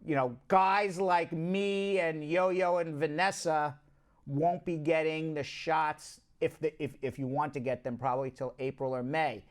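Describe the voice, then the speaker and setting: A man's voice: a little high, fairly even intonation, measured pace. Chatty Long Island man hosting a news show. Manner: chatty, repeats himself, asides to co-hosts. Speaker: host, immigration news show. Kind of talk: casual news rundown.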